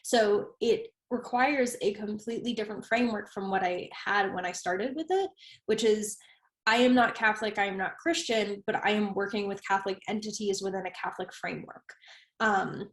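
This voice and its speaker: A woman's voice: medium pitch, moderate pace. Chatty woman in an echoey room. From United States. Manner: rambling, self-interrupting, laughs often. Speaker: guest practitioner. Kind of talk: casual interview chat.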